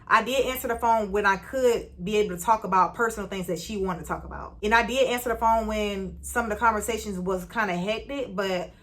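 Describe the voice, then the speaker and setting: Young woman vlogger spilling tea fast, casual slangy chat, talks right to viewers. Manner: lively, jumps high when retelling greetings. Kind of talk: casual storytime.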